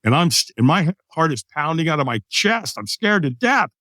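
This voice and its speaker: A man's voice: fairly high pitch, very animated, normal speed, bright, forceful tone, no echo. A man in his sixties, a podcast guest from the United States, telling a personal story with vivid energy and acting out the other people in it. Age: 60s. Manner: vivid storyteller who acts out quoted voices.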